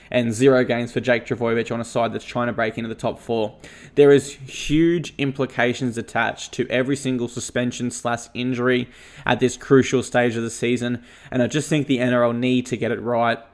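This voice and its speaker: A man co-hosting a podcast, earnestly leading topics and posing questions in casual chat. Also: medium pitch. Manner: earnest, measured, leads the segments. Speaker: podcast co-host.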